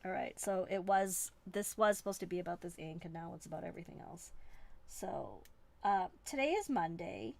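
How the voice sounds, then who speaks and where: A woman's voice: lowish voice, expressive, moderate pace, gravelly, darkish tone. A woman from Canada hosting a live stream, chatting in a rambling, playful, self-mocking way from a desk indoors. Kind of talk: casual live-stream chat.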